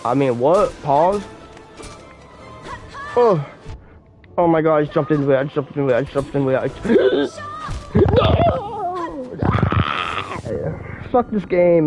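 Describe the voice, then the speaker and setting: A young man with a slightly high voice, streaming a game late at night and swearing through his frustration in loose, slangy chatter. Soft game music plays faintly underneath. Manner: profane, slangy, exasperated rambling. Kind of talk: live-streamed gameplay commentary.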